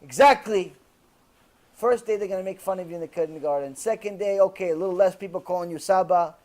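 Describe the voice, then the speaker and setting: A man's voice: sits high, fast talker, dark tone, lightly acted. A man doing an urging young wife. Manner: insistent, encouraging. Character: devoted young wife urging her husband on.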